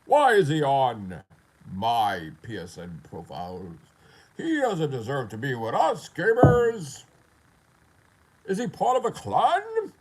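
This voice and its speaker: A man voicing a whiny, indignant male gamer critic in a mocking, shrill tone. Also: wildly swooping pitch, very fast, creaky, few pauses, dark tone, slight background noise, heavily acted. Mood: outraged.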